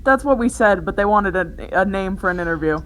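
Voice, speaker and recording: A woman's voice: mid-range voice, animated, brisk, low-quality recording. A woman playing a tabletop game in casual chat, steering what the group does next. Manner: casual, leading the group's actions. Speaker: player.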